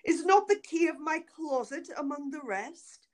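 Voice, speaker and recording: A woman's voice: high voice, animated, a little slow, pitched above the performer's own voice. A woman reading the lines of a cruel, cold nobleman husband in a stern, threatening voice. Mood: demanding.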